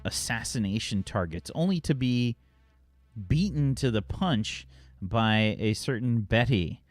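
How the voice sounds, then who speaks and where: A man acting as game master, recapping the story with many pauses and fillers. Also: mid-range voice, animated, dry recording. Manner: halting recap, many ums and uhs. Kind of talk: narrating a tabletop game.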